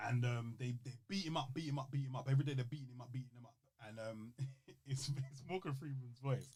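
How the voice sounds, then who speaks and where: A man's voice: medium pitch, quick pace, a little mellow. A man co-hosting a podcast in casual chat, reacting with big exclamations and frequent laughter. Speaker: podcast co-host.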